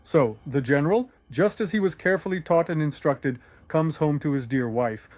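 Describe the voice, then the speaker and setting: Animated man telling jokes. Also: a little high, moderate pace, dry recording, highs cut off. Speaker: host and joke teller. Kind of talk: casual joke telling.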